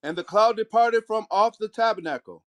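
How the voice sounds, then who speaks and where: Man, high-pitched, measured scripture reader. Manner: measured, slows on key phrases. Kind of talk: reading scripture aloud.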